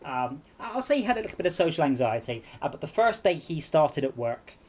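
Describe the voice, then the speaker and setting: A man's voice: fairly high pitch, very animated, fairly quick, darkish tone. A man hosting a casual game-night stream, telling rambling anecdotes full of restarts. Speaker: stream host. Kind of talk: casual chat.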